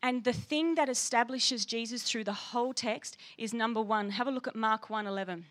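A woman pastor preaching a passionate, animated sermon, often putting questions to the congregation and acting out quoted voices. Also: fairly high pitch, brisk. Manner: teacherly, acts out little voices for quoted people.

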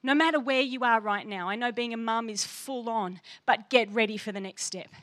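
A woman's voice: on the high side, normal speed, fairly bright tone. A woman pastor preaching a sermon with passion and emphasis, reading scripture aloud.

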